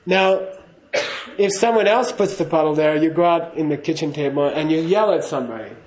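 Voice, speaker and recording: A man's voice: a little high, fairly quick, darkish tone. Laughing, chatty man teaching in an echoey room. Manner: chatty, laughing, repeats "okay?". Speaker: Buddhist teacher. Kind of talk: casual spoken teaching to a class.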